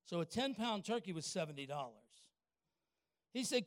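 Older pastor telling a story. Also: male voice, high-pitched, sing-song, no echo, studio quality. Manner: folksy, talks to the congregation with quick questions. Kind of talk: sermon storytelling.

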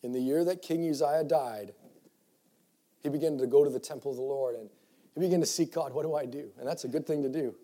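A man preaching a sermon to young people, reading scripture in old-fashioned wording and moving from quiet reflection to loud, fervent exhortation. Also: medium pitch, fairly quick. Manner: reads scripture in King James wording, with repeated restarts.

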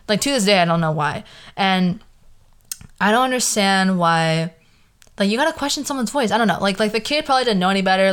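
A woman in her twenties with a Valley girl accent, hosting a casual solo podcast, rambling and filling her talk with "like". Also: fairly low pitch. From the San Fernando Valley, California. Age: 20s. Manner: rambling, heavy use of "like", questioning tone. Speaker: podcast host.

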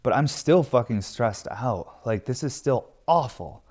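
A man's voice: medium pitch, animated, a little slow, darkish tone. A stressed man talking candidly in a casual vlog, rambling with lots of fillers and swearing freely. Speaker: glass studio owner.

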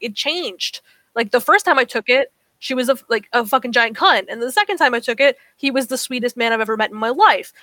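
A woman's voice: fairly high pitch, no room sound. A woman in her twenties on a podcast, chatting casually and telling stories with lots of swearing, acting out what people said. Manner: profane, animated storytelling, acts out quotes. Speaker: podcast co-host. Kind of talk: casual chat.

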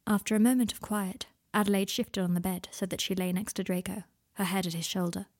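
A woman reads her own story aloud in a hushed, unhurried way. Her voice has a gravelly, breathy texture at a middle pitch. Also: steady tone. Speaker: author and reader. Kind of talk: audiobook narration of her own fiction.

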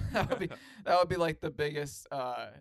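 A man's voice: fairly high pitch, lively intonation, moderate pace, gravelly, no room sound. A young man co-hosting a podcast in casual chat, rambling with many fillers. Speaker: podcast co-host.

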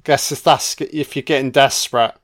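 Chatty, sweary film commentator. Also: male voice, mid-range voice, fairly even intonation, moderate pace, fairly bright tone. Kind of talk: casual audio film commentary.

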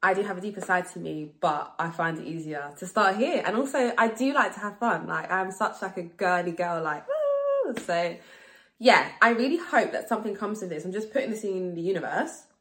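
A woman in her thirties chats alone on her podcast in a fairly low voice. She is a little tipsy, talks quickly and frankly, swears without a second thought and hammers her points home by saying them twice. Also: animated, a bit bright. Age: 30s. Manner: fast, frank, swears freely, repeats for emphasis. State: slightly tipsy. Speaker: podcast host. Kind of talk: casual solo podcast chat.

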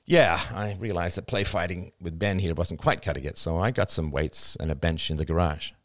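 A man's voice: sits low, moderate pace, dry recording, clean studio sound, natural voice. A man voicing a frank, intense young father in an audiobook, blunt and exasperated.

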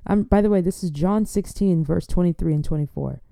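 A woman gives casual faith commentary in a teasing, preachy way and laughs often. Her voice is gravelly and very dark. The sound is dry and close. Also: lowish voice, a little fast, no room sound. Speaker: faith vlogger.

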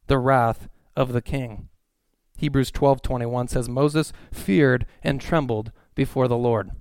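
A man's voice: mid-range voice, darkish tone, no room sound. A man preaching a sermon in a conversational way, asking his listeners questions.

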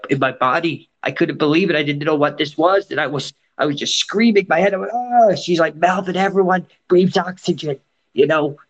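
A man's voice: on the high side, fairly bright tone. A man with a nasal voice, chatting casually and telling rambling stories. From Scotland. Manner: rambling, anecdotal storyteller. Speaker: entertainer and guest. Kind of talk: casual chat.

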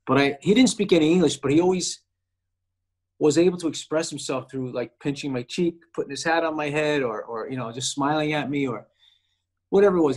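Man, actor guest, casual storytelling, fairly high voice, animated, quotes people in their voices.

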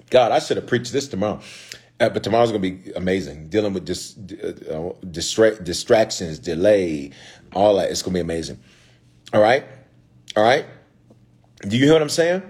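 A man's voice: lowish voice, very animated, moderate pace, long pauses, darkish tone. A man who is a bishop and pastor delivers a sermon in a conversational, slangy way, repeating lines and calling out to the congregation. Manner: repetitive, call-and-response preaching.

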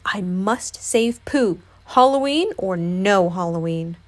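A woman's voice: mid-range voice, lively intonation, slow. A woman voicing a very small, anxious male piglet who stammers and frets in a storybook. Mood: determined. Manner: stammering, fretful.

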